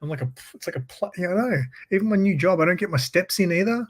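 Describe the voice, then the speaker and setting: Husky Australian man telling a story. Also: high-pitched, animated, quick pace. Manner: laughs often while telling stories. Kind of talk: casual chat, storytelling.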